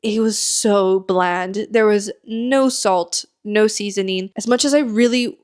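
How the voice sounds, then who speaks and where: A young American woman telling a story on her solo podcast. She sounds chatty and candid, with a mid-range voice and frequent quick asides. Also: mid-range voice, a little mellow. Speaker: podcast host.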